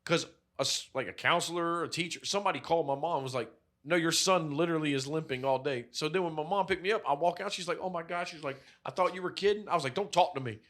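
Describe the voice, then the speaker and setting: A man with a fairly high voice tells a story as a podcast co-host. He talks loosely and with a lot of swearing, and he acts out each person in the story as he goes. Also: fast. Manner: animated, profane storytelling with acted-out quotes. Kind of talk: casual chat, storytelling.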